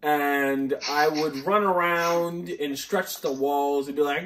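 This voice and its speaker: A man hosting a casual gaming chat with friends, jokey and excitable, often jumping into high-pitched shrieks. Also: slow, hardly any pauses, recorded from a distance. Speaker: gaming channel host.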